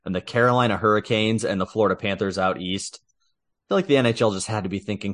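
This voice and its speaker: A man's voice: fairly low pitch, steady tone, normal speed, no room sound, studio quality. A man co-hosting a podcast, chatting casually and with opinions about sports, laughing easily. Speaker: podcast co-host.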